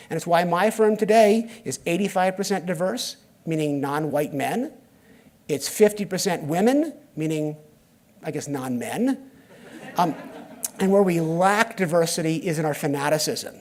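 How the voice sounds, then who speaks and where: A man's voice: a little high, darkish tone. A middle-aged man from the United States giving a conference talk on stage, telling stories with acted dialogue and wry asides. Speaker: keynote speaker. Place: conference stage before a live audience.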